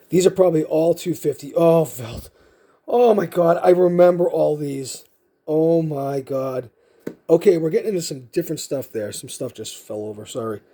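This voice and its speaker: A man with a husky, slightly rough voice and a dark, mellow tone. He talks casually and unscripted, rambling as he thinks aloud and poking fun at himself. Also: mid-range voice. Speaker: card collector vlogger.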